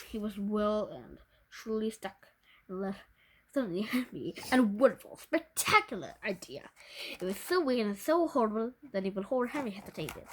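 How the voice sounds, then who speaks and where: A woman's voice: mid-range voice, slight background noise. A woman reading a children's storybook aloud, stumbling and restarting words now and then. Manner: halting, restarts words often. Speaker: storybook reader.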